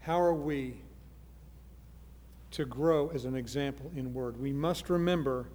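A man preaching a sermon, earnest, moving from soft pleading to loud emphasis. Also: medium pitch, measured pace, big-room sound. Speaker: pastor.

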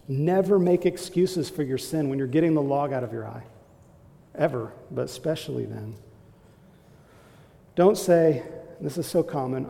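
A male pastor preaching with an emphatic, exhorting delivery. His voice sits a little high yet sounds dark and mellow, with a gravelly edge. The sound rings with the long reverb of a large hall. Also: animated, a little slow. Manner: emphatic, builds to forceful exhortation. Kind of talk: sermon.

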